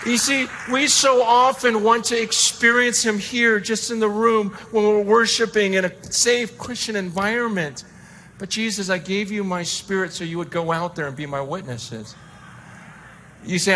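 A middle-aged man preaching a sermon, telling a story with emphatic swings between loud excitement and hushed intensity. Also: sits high, moderate pace, slight background noise. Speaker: pastor.

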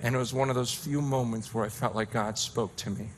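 A middle-aged man preaching a sermon, telling a story with emphatic swings between loud excitement and hushed intensity. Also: medium pitch, brisk, a little hiss or hum. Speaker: pastor.

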